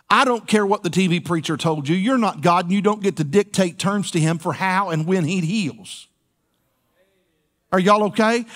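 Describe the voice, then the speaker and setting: Man, pastor, sermon, folksy, playful asides, high voice. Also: a bit bright. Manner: folksy, playful preaching with call-and-response asides. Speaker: senior pastor. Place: church sanctuary.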